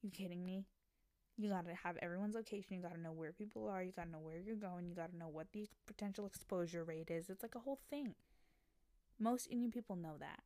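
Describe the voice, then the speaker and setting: Animated young woman podcaster, dry sound. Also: on the low side, fast, dry recording. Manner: animated, excitable storytelling with quoted voices. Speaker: podcast host. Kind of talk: casual chat.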